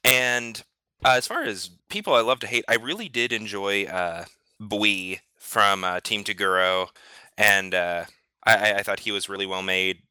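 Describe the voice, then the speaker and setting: A man with a lower voice that sounds very bright and crisp talks casually on a podcast. He is enthusiastic and often stammers when he restarts a sentence. The recording is dry and close. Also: moderate pace, dry recording. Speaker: podcast panelist. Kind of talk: casual discussion.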